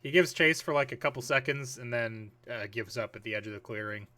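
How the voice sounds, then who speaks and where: A man's voice: medium pitch, brisk, bright, forceful tone. A man narrating a tabletop role-playing game as game master, rambling with many fillers.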